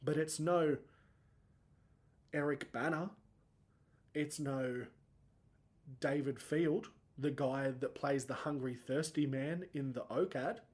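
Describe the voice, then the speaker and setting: A man's voice: mid-range voice, fairly even intonation, slow, long pauses, darkish tone. A man in his thirties hosting a solo podcast, rambling and self-mocking, his voice cracking upward when he gets emotional. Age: 30s. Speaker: podcast host.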